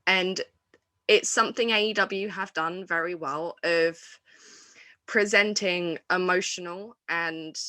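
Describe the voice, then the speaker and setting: Female host, casual and gushing, low-pitched but bright tone, dry recording. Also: no room sound. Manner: enthusiastic, rambling with restarts and fillers. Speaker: wrestling podcast host. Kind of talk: casual review chat.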